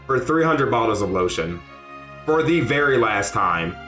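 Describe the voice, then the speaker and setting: A man streaming a game live, excitable and often shouting and laughing as he talks to his chat. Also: medium pitch, normal speed, echoey room. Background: faint game music.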